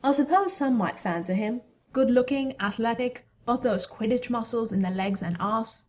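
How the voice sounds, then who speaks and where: A woman's voice: on the high side, normal speed, lightly acted. Woman reader doing a blunt, scheming schoolboy wizard; brash and teasing. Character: scheming teenage boy wizard, cheeky and blunt.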